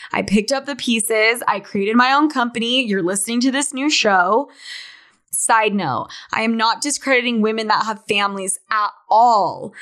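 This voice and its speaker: A woman's voice: fairly high pitch, a bit bright. A woman in her late twenties from Utah, hosting her podcast in a candid, chatty monologue, often laughing. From Utah, USA. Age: 20s. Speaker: podcast host. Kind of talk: casual monologue.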